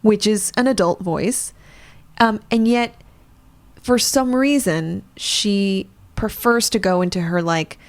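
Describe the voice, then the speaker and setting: A woman's voice: medium pitch, slow pace. A woman co-hosting a podcast, explaining psychology in a thoughtful way with some fillers. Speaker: psychologist co-host. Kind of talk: podcast discussion.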